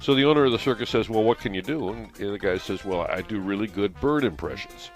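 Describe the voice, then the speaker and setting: Radio dude cracking jokes, lots of uhs, laughs along, pitch swings around. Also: male voice, animated, fast talker, hardly any pauses, soft background music. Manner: laughing at own jokes, hesitant fillers. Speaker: radio show co-host. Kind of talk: joke-telling radio banter. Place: radio studio.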